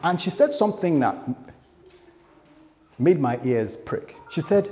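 A man's voice: on the high side, sing-song, a little slow, pauses often, dark tone, in a large hall. A man preaching a sermon as pastor, in a loose conversational way, acting out quoted dialogue.

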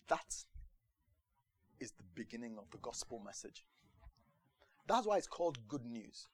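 A man preaching a sermon in a lively, joking storytelling manner. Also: on the high side, no room sound.

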